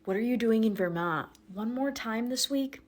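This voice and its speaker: A woman's voice: fairly high pitch, expressive, normal speed. A woman ranting in a casual vlog, blunt and sarcastic, with frequent swearing.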